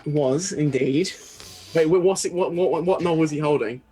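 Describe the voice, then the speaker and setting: A man's voice: on the high side, normal speed, over music. A man playing in a tabletop game, talking in a chatty, jokey way. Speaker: player. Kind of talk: tabletop role-play.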